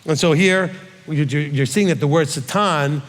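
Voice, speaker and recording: A man's voice: a little high, unhurried, big-room sound. A male rabbi reading scripture aloud and teaching from it, in a conversational way that puts questions to his listeners.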